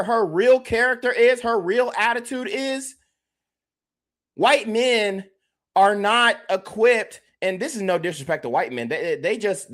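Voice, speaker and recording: A man's voice: high voice, a bit bright. Emphatic man hosting a commentary rant. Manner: emphatic, repetitive, addresses the chat directly. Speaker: podcast host.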